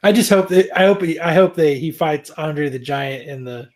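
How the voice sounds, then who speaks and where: A man's voice: on the high side, steady tone, normal speed. A man co-hosting a casual podcast chat, playful and teasing. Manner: playful and teasing, laughs often.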